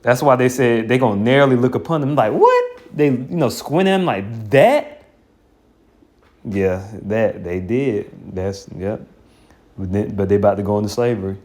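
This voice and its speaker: A man's voice: fairly low pitch, moderate pace, darkish tone. A man teaching scripture in an informal, blunt and colloquial way, with scornful asides. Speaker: Bible teacher.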